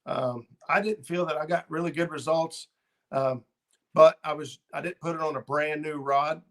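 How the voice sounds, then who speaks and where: A man's voice: on the high side, fairly even intonation, moderate pace. A middle-aged man hosting a fishing channel livestream, chatting casually and rambling with lots of ums and uhs as he reads viewer comments.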